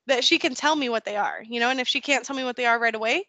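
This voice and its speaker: A woman's voice: a little high, fast, hardly any pauses, bright, forceful tone, no echo. A woman in her thirties, a podcast guest, chatting candidly and emphatically, laughing often. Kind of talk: casual conversation.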